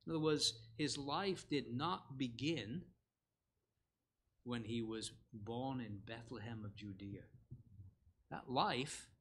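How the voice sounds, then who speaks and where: A man's voice: medium pitch, slow pace, pauses often, fairly bright tone, slightly rough. A man preaching an expository Bible sermon at a church conference, earnest, with rising and falling emphasis and rhetorical questions to the congregation. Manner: frequent fillers and self-corrections. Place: church hall.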